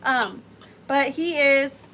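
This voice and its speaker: A woman's voice: high voice, extremely slow, bright, forceful tone, slight background noise. A woman hosting a live vintage sale, chatting playfully with viewers by name and counting down bids. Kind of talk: live auction selling chat.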